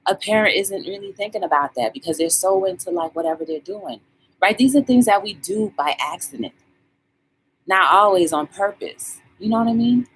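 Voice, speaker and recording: A woman with a mid-range, slightly breathy voice hosts a live talk show at normal speed, chatting casually with viewers. She's animated and colloquial, calling out viewers by name as she goes.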